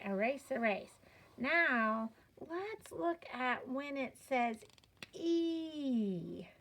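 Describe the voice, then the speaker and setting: A woman teaching a children's phonics lesson, sounding out letters patiently and encouraging the learners. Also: a little high. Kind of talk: slow step-by-step reading lesson.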